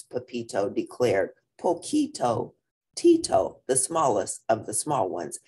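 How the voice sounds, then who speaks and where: A woman's voice: rumbling low, sing-song, takes it slowly, mellow, slightly rough. A woman reading a children's picture book aloud in a sing-song voice that swoops across the lines. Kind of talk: animated storybook read-aloud.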